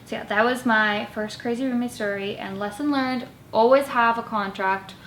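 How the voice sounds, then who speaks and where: A woman's voice: fairly high pitch, moderate pace, slight background noise. A woman in her twenties telling roommate stories in a casual, chatty storytime style, with lots of "like" fillers. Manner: chatty, animated, many "like" fillers. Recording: echoey room.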